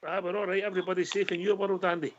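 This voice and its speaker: A man's voice: high voice, little pitch movement, racing, dull audio, a crowd in the background. A man hosting a fan call-in show, bantering and joking with callers. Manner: friendly banter, jokey. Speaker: host. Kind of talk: casual radio call-in hosting.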